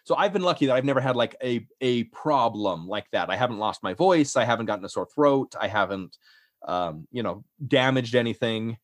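A man's voice: mid-range voice, lively intonation, brisk, no room sound, studio quality. A young adult man, a voice actor, chatting casually in an interview in a self-effacing way. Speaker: voice actor and audiobook narrator.

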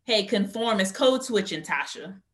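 A woman guest on an interview podcast, telling her story in an animated, conversational way and acting out what people said. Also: mid-range voice, moderate pace. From United States. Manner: animated storyteller, acts out quotes. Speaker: guest, career coach.

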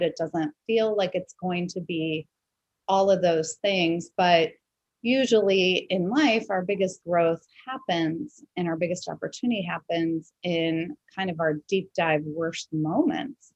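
A woman's voice: on the low side, no room sound, muffled recording. A woman hosting a podcast interview, talking in a reflective, conversational way with many fillers. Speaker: podcast host. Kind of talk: casual interview chat.

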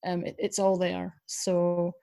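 A woman guest on a podcast interview, talking frankly and in a lively way, poking fun at herself. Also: lowish voice, takes it slowly, gravelly, clean tone. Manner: frank and lively, self-deprecating. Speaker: guest, business owner. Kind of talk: casual interview chat.

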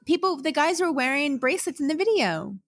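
A woman's voice: sits high, animated, fairly quick, dry recording. Woman, podcast co-host, giggly, casual, chimes in a lot, dry close sound. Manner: giggly, chimes in with short agreement. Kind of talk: casual chat. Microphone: video call.

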